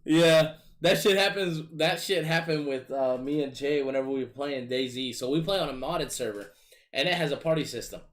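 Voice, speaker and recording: A man casually telling gaming stories in a profane, animated, exasperated way. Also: a little high, moderate pace. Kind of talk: casual storytelling chat.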